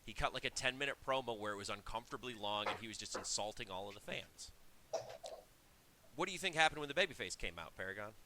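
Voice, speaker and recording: A man's voice: on the low side, lively intonation, quick pace, background noise. A man co-hosting a wrestling podcast, telling a story in a chatty way with restarts. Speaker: podcast co-host. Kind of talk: casual chat.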